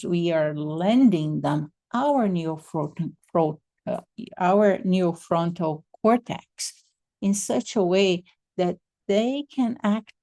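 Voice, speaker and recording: Slow, gravelly-voiced woman trainer. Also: lowish voice, warm tone. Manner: measured, methodical explaining. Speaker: mediation trainer. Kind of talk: training lecture.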